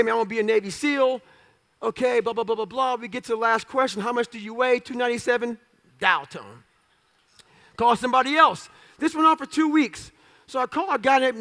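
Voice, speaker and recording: Gravelly, bright-voiced man telling blunt stories. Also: sits high. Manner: blunt, profane, punchy storytelling. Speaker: guest speaker. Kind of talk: storytelling interview before a live audience.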